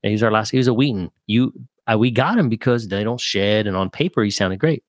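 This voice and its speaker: Fast-talking joking man on a podcast. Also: on the low side, no room sound, clean studio sound. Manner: joking storyteller, quick and animated, acts out voices in anecdotes. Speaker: podcast co-host. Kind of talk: casual chat.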